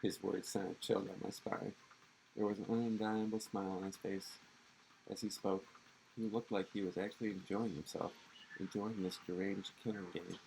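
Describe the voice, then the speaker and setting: A man streaming a game, reading its narration aloud in a steady storytelling manner. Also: deep voice, normal speed, vocal fry, a little hiss or hum, rough recording.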